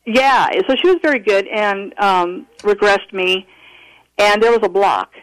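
A man calling in to tell a personal story, earnest and animated, often restarting his sentences. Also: sits high, unhurried, no room sound, low-quality recording. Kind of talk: casual storytelling interview.

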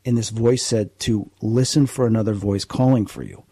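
Husky, mellow-voiced earnest radio guest. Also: male voice, fairly low pitch, fairly even intonation, moderate pace, dry recording. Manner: earnest, rambling explanations with restarts. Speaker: paranormal investigator, guest. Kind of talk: radio interview storytelling.

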